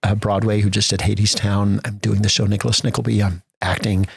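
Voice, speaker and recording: Gravelly animated male storyteller. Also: on the low side, brisk, no room sound. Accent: American. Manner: animated storyteller acting out quotes. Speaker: theater festival executive. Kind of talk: storytelling in a podcast interview.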